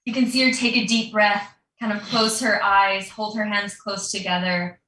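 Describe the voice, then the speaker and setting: A woman's voice: mid-range voice, level tone, normal speed, bright, forceful tone, echoey room, recorded from a distance, low-quality recording. A woman running a tabletop game as dungeon master, narrating the action loosely with plenty of fillers.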